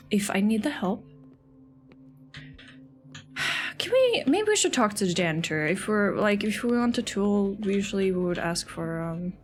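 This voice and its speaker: A young woman live-streams a game, talking to her viewers in a loose, excitable way. She swears freely and keeps thanking people by name. Faint game music plays softly behind her voice, which sits at an ordinary middle pitch. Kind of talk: casual live-stream chatter while playing.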